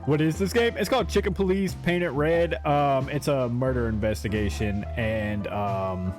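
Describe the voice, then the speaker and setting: A man's voice: mid-range voice, moderate pace, over music. A man streaming a game live, chatting casually and talking straight to his chat, laughing easily.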